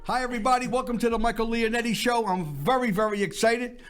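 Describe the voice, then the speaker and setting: An older male variety show host who chats and rambles from story to joke. His voice sits higher than most men's, and he talks casually to his audience. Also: steady tone, quick pace, fairly bright tone, clear, resonant tone, faint music behind.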